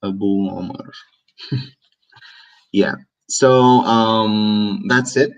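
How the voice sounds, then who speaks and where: Man teaching, low voice, far off. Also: very slow, lo-fi sound. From Egypt. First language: Egyptian Arabic. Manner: explanatory, repeats words for emphasis. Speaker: language teacher. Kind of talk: casual live Q&A lesson.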